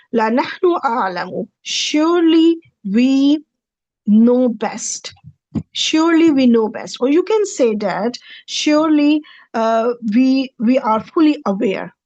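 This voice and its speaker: A woman's voice: on the high side, a little mellow, dry recording, muffled recording. A woman teaching a recorded Arabic grammar lecture, patiently repeating each translation in several ways.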